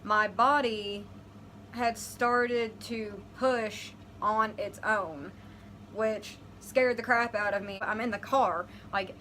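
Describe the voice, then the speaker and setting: Bright-voiced woman telling a story. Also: medium pitch, takes it slowly, a little hiss or hum, rough recording. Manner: animated retelling, acts out her own reactions. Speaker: vlogger. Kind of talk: storytelling vlog.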